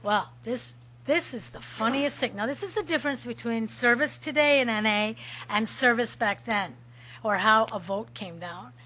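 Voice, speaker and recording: Bright-voiced animated woman storyteller. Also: fairly high pitch, normal speed, slight background noise. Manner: animated, laughing, acts out shouted quotes. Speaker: recovery meeting speaker. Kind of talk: personal storytelling talk.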